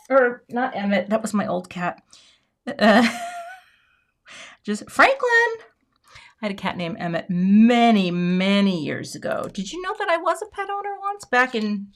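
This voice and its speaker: A woman's voice: fairly high pitch, a bit bright. An American woman hosting a live card-making stream, chatting casually and greeting viewers by name as she works. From United States. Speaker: card-making livestream host. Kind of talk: casual live crafting chat.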